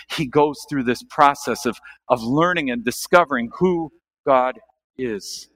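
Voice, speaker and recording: A male pastor preaching a sermon, asking the congregation questions, animated, with sharp rises and drops in his voice. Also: mid-range voice, moderate pace.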